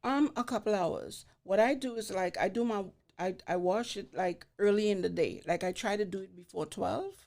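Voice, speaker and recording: A woman in her sixties, a podcast guest, telling lively stories and acting out the voices in them. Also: mid-range voice, normal speed, vocal fry, hardly any pauses. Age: 60s. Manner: animated, acts out voices in her anecdotes. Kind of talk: storytelling in conversation. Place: studio beside a barbershop.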